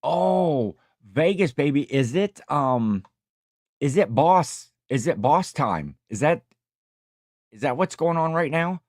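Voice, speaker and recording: Slow, tired middle-aged male streamer. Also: on the high side, expressive, no room sound, clean studio sound. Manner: rambling, chatty, jokey. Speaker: livestream host. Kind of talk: casual livestream chat, reading comments.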